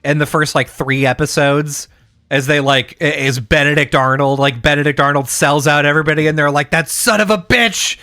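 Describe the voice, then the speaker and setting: Bright, dry-sounding podcast guy. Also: a little high, level tone, a little fast, clean tone, no echo. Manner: storytelling with acted-out quotes, profane. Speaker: podcast co-host. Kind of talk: casual chat.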